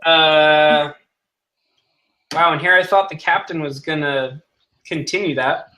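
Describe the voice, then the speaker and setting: A man's voice: fairly high pitch, fairly even intonation, slow, background noise. A man narrating as game master of a tabletop role-playing game, chatty and laughing often.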